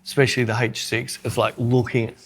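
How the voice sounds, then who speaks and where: A man's voice: mid-range voice, little pitch movement, brisk, slight background noise. A man co-hosting a podcast in casual chat, joking and self-mocking as he talks through his photography gear.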